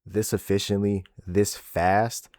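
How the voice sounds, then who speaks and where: A man in his twenties hosting a music reaction video, excitable and profane, often repeating himself. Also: on the low side, slow pace, no room sound, studio quality. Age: 20s. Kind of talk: casual reaction commentary. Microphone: desk microphone.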